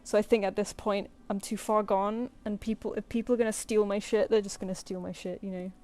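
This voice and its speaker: A woman's voice: mid-range voice, little pitch movement, a little fast, mellow. A woman artist chatting casually on a live stream, rambling and self-deprecating, and talking to her pet between thoughts.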